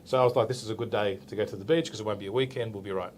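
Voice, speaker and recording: A police officer in his forties with an Australian accent is being interviewed, casually telling a story and acting out the dialogue. He's animated and tags lines with "right?" His voice is on the low side and rapid-fire, with a little hiss or hum in the audio.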